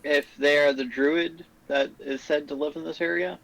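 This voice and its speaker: A male player speaks in polite, formal requests as his character. His voice sits a little high, and the recording is dry with no room sound. The faint sense of a tabletop session runs through it. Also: fairly even intonation, moderate pace, vocal fry, a bit bright, dry recording, dull audio. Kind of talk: tabletop role-play.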